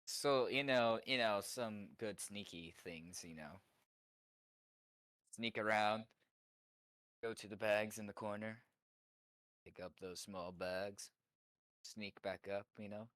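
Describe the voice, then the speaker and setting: A man's voice: fairly low pitch, slow, long pauses, fairly bright tone, dry recording. A man playing a masked hero in a tabletop game, clowning with a mock Spanish swagger and Spanish words. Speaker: player.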